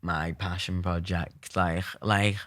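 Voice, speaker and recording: A man's voice: low-pitched, flat delivery, slow pace, a bit bright, no room sound, clean studio sound. A young man with a Scouse accent, chatting animatedly as a podcast guest, rambling with many fillers and restarts. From Liverpool, England. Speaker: podcast guest, poet and theatre maker. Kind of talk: casual interview chat.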